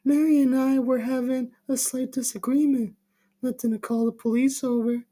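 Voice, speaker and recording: Unsettling, smiling doll-like stranger, read by a man in a put-on voice, soft and very high. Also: little pitch movement, normal speed. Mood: eerie. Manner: soft, high, eerie falsetto.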